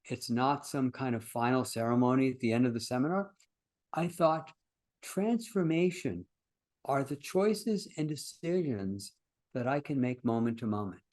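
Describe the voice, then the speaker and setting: A man's voice: medium pitch, lively intonation, moderate pace, darkish tone. An older man, a workshop founder and teacher, talking casually in an interview as an earnest, reflective storyteller.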